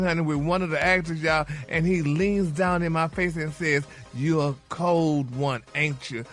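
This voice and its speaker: Flamboyant male gossip reporter, high bright voice, chatty. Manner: flamboyant, peppers talk with "honey" and "y'all". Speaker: celebrity news reporter on a radio morning show. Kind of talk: gossipy radio chat.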